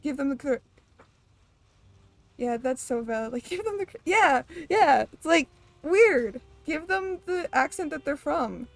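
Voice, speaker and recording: A woman's voice: high voice, expressive, unhurried, creaky, no echo. A young woman streaming a game, chatting casually, rambling, laughing often and swearing offhandedly. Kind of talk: casual chat while gaming.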